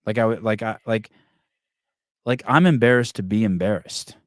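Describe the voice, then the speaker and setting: With a fairly low voice at a moderate pace, a male podcast host chats casually, going through live comments and launching into rambling, profane rants with many restarts. The sound is dry and of studio quality.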